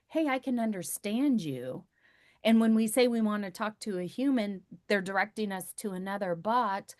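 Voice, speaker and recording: A woman's voice: medium pitch, dry recording. Emphatic woman in her fifties, dry sound. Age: 50s. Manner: emphatic, repeats key figures for weight. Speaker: podcast guest. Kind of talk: conversational interview.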